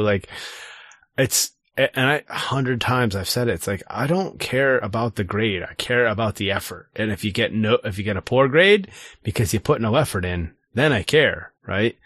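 Man, middle-aged, casual podcast chat, animated storytelling, dry sound. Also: on the low side, moderate pace, dry recording. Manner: animated storytelling, acts out family dialogue. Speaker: podcast co-host.

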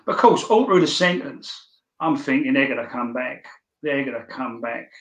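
A middle-aged man tells his story plainly and bluntly, swearing freely and tripping over repeated words. His voice sits at an average pitch for a man. The room around him is roomy and echoing. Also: expressive, normal speed. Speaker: interview guest. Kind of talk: casual storytelling. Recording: echoey room.

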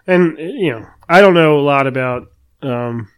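A man's voice: fairly high pitch, expressive, measured pace, smooth. A man co-hosting a casual movie review podcast, musing loosely and often trailing off. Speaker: podcast co-host.

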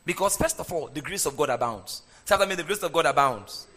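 A pastor with a fairly high, breathy-edged voice preaches fast, barely pausing, in an echoey hall with long reverb. He delivers an animated sermon and leads the congregation in call-and-response, having them repeat his lines.

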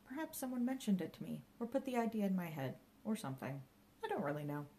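A woman's voice: medium pitch, expressive, fast talker, mellow, slight background noise, pitched above the performer's own voice, natural voice. A woman reading an audiobook and voicing a polite, hesitant older woman. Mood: unsure. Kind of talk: audiobook character voice.

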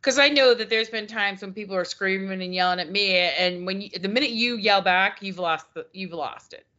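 A woman who once managed customer service co-hosts a podcast, chatting casually and telling stories while animatedly acting out quoted exchanges. Her medium-pitched voice moves at a moderate pace over dull lo-fi audio.

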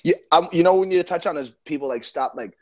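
A man's voice: fairly high pitch, quick pace, darkish tone, dull audio. A man co-hosting a football podcast, ranting in casual, profane chat. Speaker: podcast co-host.

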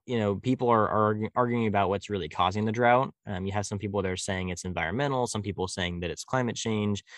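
A man's voice: fairly low pitch, fast, no echo. A man from California with a slight country drawl, chatting casually and rambling with many fillers. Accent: rural Californian, slight country drawl. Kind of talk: casual conversation.

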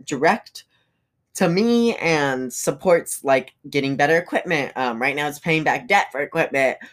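A woman's voice: low voice, expressive, moderate pace. A young woman hosting her own podcast, chatting casually and rambling with lots of fillers and asides. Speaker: podcast host. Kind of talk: casual solo podcast chat.

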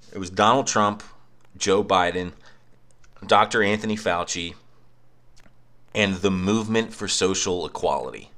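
A man's voice: low voice, bright, forceful tone. A young man on a cheap microphone at home in his apartment, ranting casually with a profane, sarcastic edge. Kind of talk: casual rant.

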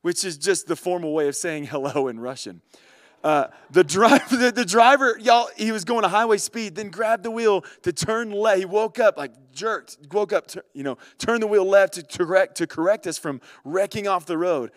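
A man telling a story in a casual, animated way, talking straight to his listeners. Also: sits high, normal speed, dry recording. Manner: animated, chatty, addresses listeners directly. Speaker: vlogger.

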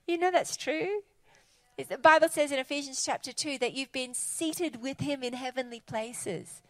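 High-voiced woman preaching. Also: moderate pace, dry recording. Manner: animated, conversational, enthusiastic. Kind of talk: sermon.

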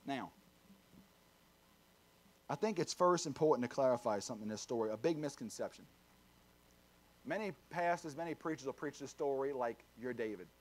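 A man preaching a sermon, swinging between loud emphatic surges and low, quiet asides. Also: expressive, moderate pace, pauses often. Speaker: pastor.

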